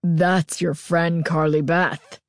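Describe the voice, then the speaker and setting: A woman voicing a menacing masked girl in a deep, throaty rasp, slow and threatening. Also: little pitch movement, no echo, clean studio sound.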